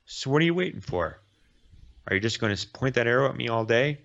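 A man's voice: medium pitch, expressive, fast talker, vocal fry, fairly bright tone. A man reading the lines of a smug older swordsman who mentors archers, with a mocking tone, in a dull lo-fi recording.

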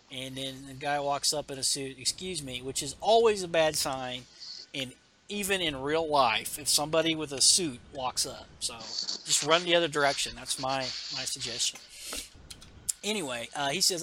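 Host: man, bright and slightly high voice, rambling comic recap, faint hiss behind. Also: moderate pace. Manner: rambling, reads dialogue in a plain voice with fillers. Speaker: comic book podcast host. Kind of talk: casual chat reading comic panels aloud.

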